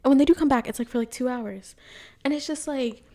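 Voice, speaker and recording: A young American woman whose voice has a strong gravelly fry. She co-hosts a casual podcast, talks with plenty of emphasis, and swears freely. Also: high-pitched, fast, dark tone. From United States. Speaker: podcast co-host. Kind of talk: casual chat.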